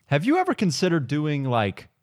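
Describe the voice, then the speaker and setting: A man's voice: fairly high pitch, huge pitch swings, moderate pace, no room sound, clean studio sound. A man hosting a podcast in casual chat, laughing easily and rambling a bit. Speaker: podcast host.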